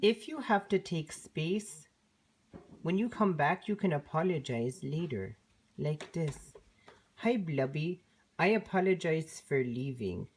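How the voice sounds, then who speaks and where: Woman voicing a unicorn host, kids show, deep voice, lively, unhurried, soothing. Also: slight background noise, full character voice. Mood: calm. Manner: slow, soothing, teaching. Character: gentle patient unicorn host, female.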